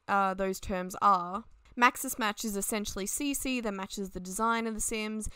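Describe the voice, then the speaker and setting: A woman's voice: medium pitch, pushed and bright, smooth, no echo, studio quality. Young woman rambling over a game build. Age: young adult. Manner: rambling and chatty, laughs often. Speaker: Sims 4 builder and YouTuber. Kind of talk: casual chat over a game speed build. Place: at her desk at home.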